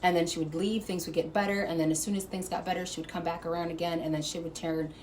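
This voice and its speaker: Animated, profane woman telling a story. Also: lowish voice, quick pace, a little hiss or hum. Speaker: vlogger. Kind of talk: casual storytime monologue.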